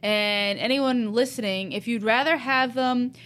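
A woman with a fairly high voice chats on a home podcast. She teases and speaks bluntly in easy banter with her co-host. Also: measured pace, fairly bright tone. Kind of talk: casual chat.

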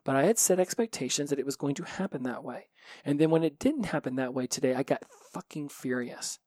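A man's voice: on the high side, a little fast, a little mellow, dry recording. A man hosting a solo podcast, talking in a frank, reflective way and swearing freely. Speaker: podcast host. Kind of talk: candid solo podcast monologue.

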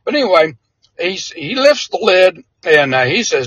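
A male veteran tells a story in a fairly high, husky voice that swings widely in pitch. He chuckles often and keeps it conversational. The sound is dull and dry, with no room. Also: big pitch swings, normal speed, a bit bright, no echo. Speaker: military veteran, interviewee. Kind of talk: casual anecdote telling.

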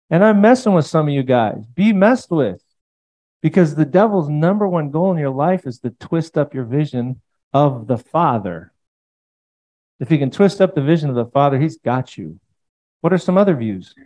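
A man's voice: a little high, animated, moderate pace, dark tone, dull audio. A man preaching a sermon in a provocative, conversational way with mocking asides. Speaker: pastor.

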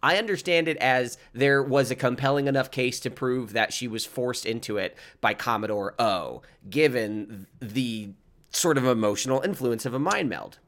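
A man co-hosting a podcast, talking in an animated way and laughing often in casual chat. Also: medium pitch, normal speed.

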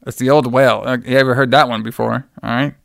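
A man co-hosting a casual movie recap podcast, joking and swearing a lot, and acting out characters in a high voice. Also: steady tone, quick pace, vocal fry, dry recording, clean studio sound. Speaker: podcast host.

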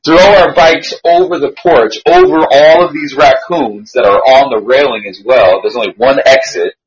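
Slangy, animated man telling a story. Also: medium pitch, moderate pace, lo-fi sound. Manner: slangy, animated, swears freely, laughs while telling. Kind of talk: casual storytelling.

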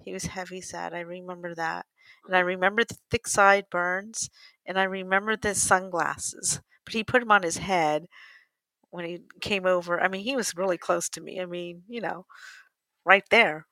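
A woman's voice: on the low side, fairly even intonation, moderate pace, sharp tone, no echo, poor audio. An older woman from the United States telling a personal story in a casual, rambling way, correcting herself and laughing often. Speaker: interviewee.

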